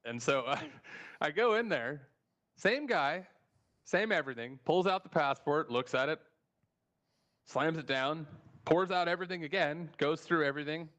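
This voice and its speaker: A man hosting a podcast, telling a long, profane story in a casual way and laughing between lines. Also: fairly high pitch. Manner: animated, profane anecdote with laughter. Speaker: podcast host.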